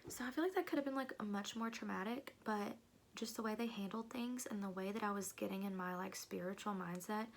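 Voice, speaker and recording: A young woman tells a personal story in a casual, chatty vlog. She leans heavily on "like" as a filler and often drops into hushed asides. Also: mid-range voice, a little fast, a little hiss or hum. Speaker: vlogger.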